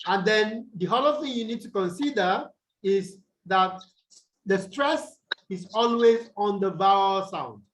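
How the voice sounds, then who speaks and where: A man's voice: high-pitched, a little slow, fairly bright tone, slight background noise, poor audio. A Nigerian man teaching English over a video call, repeating points and quizzing his students with "what?" prompts. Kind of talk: online tutorial lecture.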